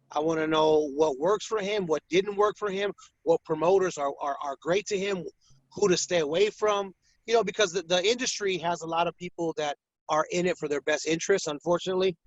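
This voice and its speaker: A man's voice: fairly high pitch, dry recording. A man who works as a boxing ring announcer, telling stories in a casual interview and acting out other people's voices. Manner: animated storyteller, acts out fighters' voices. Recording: dull, dry lo-fi audio.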